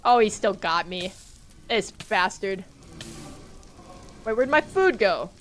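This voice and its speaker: A woman's voice: medium pitch, expressive, slow, slight background noise. A young woman streaming a game live, talking to her chat, easily startled and swearing when things go wrong. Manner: jumpy, swearing, talks to chat.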